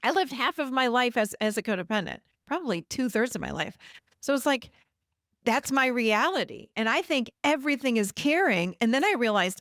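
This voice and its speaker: A woman's voice: a little high, sing-song, moderate pace, fairly bright tone, no room sound, clean studio sound. A middle-aged woman hosting a solo podcast, talking directly and encouragingly to her listeners about habits. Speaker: podcast host and codependency coach. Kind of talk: solo podcast teaching monologue.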